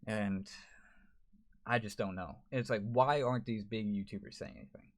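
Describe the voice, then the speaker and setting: A man's voice: on the low side, moderate pace. A man, a gaming YouTuber, talking to camera in a frustrated, rambling way, full of restarts. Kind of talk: emotional to-camera vlog.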